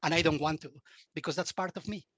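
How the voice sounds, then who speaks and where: A man with a Mexican Spanish accent speaks earnestly as an interview guest, with Spanish as his first language. His voice sits a little high for a man and often stumbles into repeated words. The recording is dry and close, with little room sound. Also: fairly even intonation, quick pace, a bit bright, breathy edge, no room sound. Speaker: guest expert. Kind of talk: interview, conversational advice.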